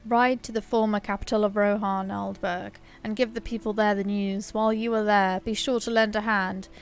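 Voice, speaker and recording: A woman reading aloud the lines of a grave old male wizard in a fantasy game, in a measured, solemn way. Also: medium pitch, little pitch movement, lightly acted.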